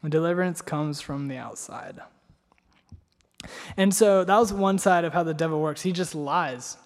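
Young guy from north carolina preaching, kinda higher voice, rambly and self-deprecating, big echoey hall. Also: moderate pace, pauses often. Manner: rambling, self-deprecating, heavy on filler words. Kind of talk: sermon with personal storytelling. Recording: long hall reverb.

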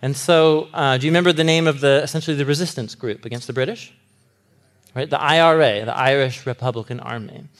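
A man preaching a sermon in a loose, conversational way, animated and laughing often, with fillers. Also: mid-range voice, brisk.

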